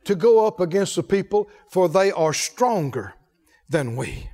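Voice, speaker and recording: High-voiced, animated man preaching in a hall. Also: a little slow. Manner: animated, rhetorical questions to the congregation; folksy, laughs between points. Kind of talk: sermon. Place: church. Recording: echoey hall reverb.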